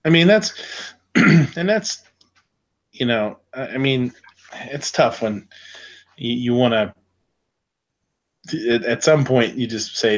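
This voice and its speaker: Male stream host, mid-pitched and laid-back, rambling delivery, muffled lo-fi sound. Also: slow, pauses often. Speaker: livestream host reading chat. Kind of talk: casual chat. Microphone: online call setup, on a computer.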